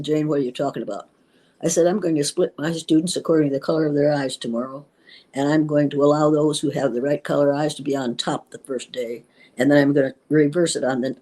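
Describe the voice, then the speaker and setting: Husky older woman, emphatic storyteller. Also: low voice, fairly even intonation, quick pace, warm tone, low-quality recording. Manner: emphatic, indignant storytelling, acts out quoted dialogue. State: tearful at times. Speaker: interview guest, former schoolteacher. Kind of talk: personal storytelling interview.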